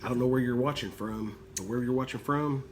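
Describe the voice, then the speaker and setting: A man's voice: mid-range voice, fast talker, a little hiss or hum. A man, co-hosting a casual livestream, loose and joking, swearing freely. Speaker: co-host of music duo livestream.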